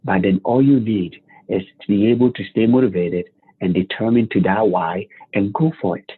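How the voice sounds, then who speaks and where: A man telling his life story as a guest, animated, with rhetorical questions and acted-out quotes. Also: lowish voice, normal speed, breathy edge. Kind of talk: personal storytelling. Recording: phone-like narrow band.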